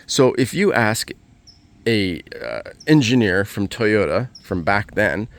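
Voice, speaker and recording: A man's voice: lowish voice, sing-song, takes it slowly, slight background noise. A man talking casually and enthusiastically about his vehicle in a rambling vlog walkaround. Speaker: vlogger.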